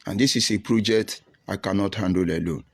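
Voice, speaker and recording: A man's voice: low voice, fairly even intonation, a little fast, husky. A man with a Nigerian accent giving preachy, taunting livestream commentary while reading out viewer comments.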